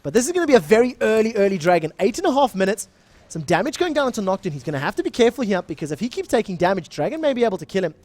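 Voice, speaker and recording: Excitable South African esports caster. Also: male voice, high-pitched. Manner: fast, excitable play-by-play that rises in big moments. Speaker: esports shoutcaster. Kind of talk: live game commentary.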